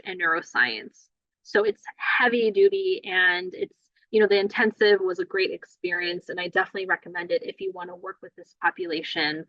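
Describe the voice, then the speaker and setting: A woman play therapist gives a training lecture in a loose, conversational way, sprinkling her points with fillers and asides. Her voice sits at a middle pitch. The audio is dull and lo-fi, and the close, dry sound has no room echo. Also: fairly bright tone. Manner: conversational, many "you know" fillers.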